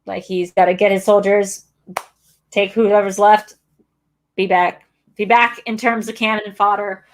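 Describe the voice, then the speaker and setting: A woman's voice: medium pitch, level tone, unhurried, long pauses. A woman co-hosting a movie discussion show, rambling in a casual, profane way with lots of filler words. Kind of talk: casual film discussion chat.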